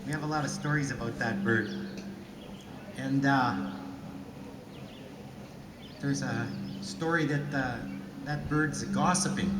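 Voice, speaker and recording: A man tells funny stories to a crowd and plays flute outdoors in a park, chatty and chuckling. He sounds set back from a touchy microphone, with a roomy echo around him and a steady wash of background noise. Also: medium pitch, slow pace, long pauses. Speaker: flute player and storyteller. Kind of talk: casual storytelling to an audience. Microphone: touchy microphone he stands back from. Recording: echoey, distant, noisy outdoor sound.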